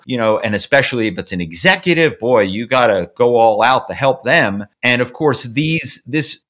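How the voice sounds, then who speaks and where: A man who is a podcast guest and former corporate spy, telling emphatic, animated stories in casual interview talk. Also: medium pitch.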